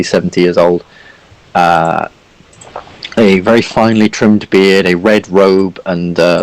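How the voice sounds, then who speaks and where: A man's voice: low voice, rough recording. A man narrating a tabletop game as game master, rambling with lots of fillers.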